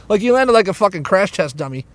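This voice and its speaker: A man's voice: fairly bright tone, dry recording. A man hosting his own show, ranting profanely and stumbling over restarts while he drives. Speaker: podcast host. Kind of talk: casual ranting monologue. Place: inside a moving car. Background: engine rumble of the car.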